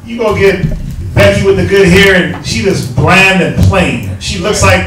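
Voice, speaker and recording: A man teaching scripture to a group in a slangy, animated way, full of rhetorical questions. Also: sits high, a little slow, noisy background. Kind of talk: street preaching. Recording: echoey hall from far off.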